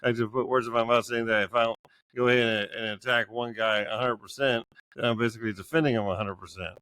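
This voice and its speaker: A man's voice: medium pitch, fairly even intonation, fast talker, pushed and bright, clear, resonant tone. A man co-hosting a political podcast who argues heatedly and stumbles over repeated words when cut off. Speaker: podcast co-host.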